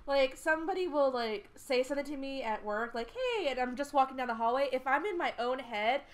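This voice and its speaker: A woman's voice: high-pitched, fairly quick. A young woman co-hosting a podcast, chatting casually in a giggly, self-deprecating way. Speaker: podcast co-host. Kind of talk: casual chat.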